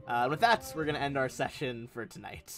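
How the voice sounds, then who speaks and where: Brief: a gravelly male game master, casual and rambling, with mid-range pitch. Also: fairly bright tone. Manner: casual and rambling, with many fillers. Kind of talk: narrating a tabletop game on a live stream.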